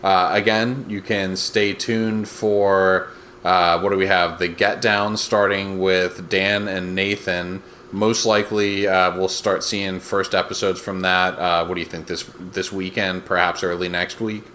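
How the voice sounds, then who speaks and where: A man's voice: low voice, flat delivery, measured pace, sharp tone, a little hiss or hum. A man in his thirties co-hosting a podcast, recapping a TV episode in a laid-back, rambling way. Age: 30s. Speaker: podcast co-host. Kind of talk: casual chat recapping a TV episode.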